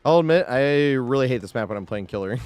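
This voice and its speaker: A man's voice: medium pitch, animated, quick pace, a little mellow, clear, resonant tone, no echo, soft background music. A man streaming live gameplay, talking casually and swearing, humming and muttering to himself as he plays at home. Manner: casual, swearing, hums and mutters while playing.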